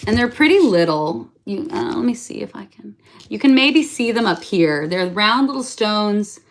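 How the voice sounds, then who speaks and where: A woman's voice: mid-range voice, expressive, normal speed. A young adult woman showing off a craft project in a casual vlog, chatty and rambling, often correcting herself mid-sentence, playfully self-mocking. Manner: enthusiastic and self-mocking about her detail. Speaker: craft vlogger. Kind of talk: casual show-and-tell.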